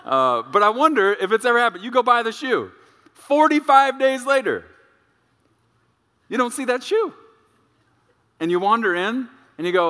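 A man's voice: extremely high pitch, sing-song, normal speed, long pauses, bright, forceful tone, in a large hall. A man preaching a sermon, emphatic and playful, who drags out key words for weight. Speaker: pastor.

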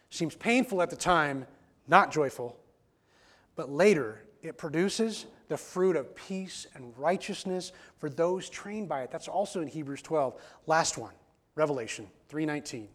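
A man preaching a sermon in a casual, conversational way, asking the listeners many questions. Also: a little high. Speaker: pastor.

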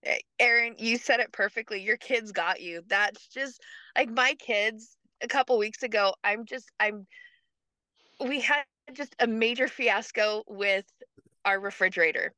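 A woman podcast guest telling personal stories in a lively way, with big jumps in pitch. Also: a little slow, no room sound, poor audio. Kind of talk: animated personal storytelling.

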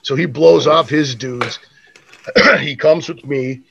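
Gravelly, profane storyteller man. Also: a little high, takes it slowly, highs cut off. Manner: profane, animated, acts out quoted voices. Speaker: podcast co-host. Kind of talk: casual storytelling.

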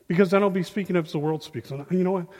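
A man delivers a loose, animated sermon, slipping into voices as he quotes people. His voice sits a bit high for a man. He speaks into a handheld mic, and long reverb from the hall trails behind him. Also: fast talker. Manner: animated, folksy, acts out quotes. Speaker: lay preacher. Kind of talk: informal sermon. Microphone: handheld microphone.

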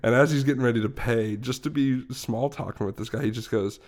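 A man's voice: medium pitch, brisk, darkish tone. A young man on a podcast, casually telling a long story with frequent laughs and restarts. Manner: rambling, laughs often while telling a story. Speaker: podcast co-host.

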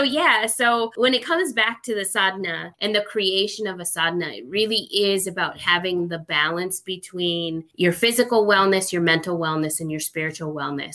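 A woman with a Minnesotan accent hosting a podcast, teaching about daily practice in an earnest, encouraging, chatty way with lively rises in pitch. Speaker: host, wellness and meditation teacher. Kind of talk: casual podcast teaching talk.

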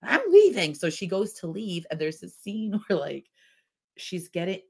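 A woman co-hosting a casual podcast chat, telling stories with lively acted-out quotes and frequent laughter. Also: lowish voice, measured pace, creaky, breathy edge. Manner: animated storytelling, acts out quotes, laughs often. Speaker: podcast co-host.

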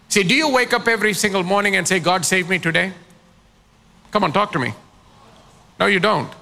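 A man's voice: high-pitched, vocal fry, pushed and bright, in a large hall. A man preaching a sermon as pastor, calling on his congregation to answer back. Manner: preaching with call-and-response prompts to the congregation.

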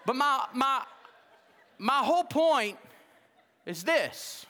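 At a slow pace, a pastor gives a humorous, story-filled sermon in a church sanctuary, his high, sharp voice projecting well. He is playful and animated, voicing the people he quotes, with a long reverb trailing every phrase.

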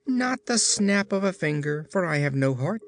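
A brash, carefree patchwork girl with no heart tosses off flippant remarks, as a male reader puts her on. Her pitch leaps high and low between phrases. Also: animated, normal speed, gravelly, no room sound.

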